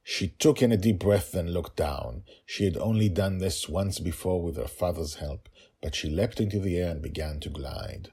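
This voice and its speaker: A man, the author, reading his own story podcast with hurried, chatty asides. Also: sits low, dark tone, slightly rough. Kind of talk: storybook narration with casual asides.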